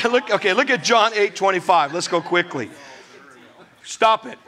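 A man's voice: a little high, pushed and bright, a little hiss or hum. A middle-aged male pastor preaching a sermon to his congregation, laughing often and acting out voices from scripture.

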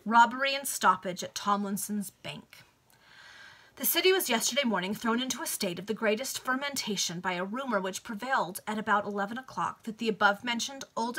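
A woman's voice: a little high, pushed and bright. A woman casually reading a nineteenth-century novel aloud to friends over a video call, with chatty asides. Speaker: reader.

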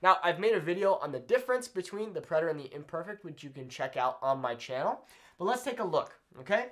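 Male teacher at a whiteboard, very animated intonation, patient and repetitive, checks in with viewers. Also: a little high. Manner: checks in often with "okay?" and repeats examples slowly. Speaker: Spanish teacher. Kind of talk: whiteboard language lesson. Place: indoors at a whiteboard.

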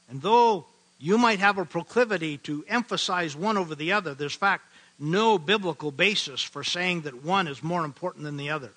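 An older man from the American Midwest preaching a sermon, earnest and emphatic, slowing to stress key phrases. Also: sits high, bright, forceful tone, poor audio. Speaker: pastor.

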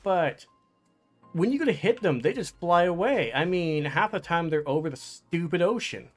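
Exasperated higher-voiced man narrating his gameplay. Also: lively intonation, moderate pace, faint music behind. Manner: frustrated, exclamatory, talks to himself while playing. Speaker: gaming channel host. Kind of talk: let's play commentary.

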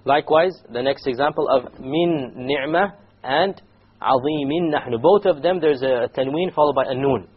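A man teaching a recitation class, patiently repeating points, quizzing the students and slowly demonstrating words. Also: medium pitch, slightly rough, highs cut off.

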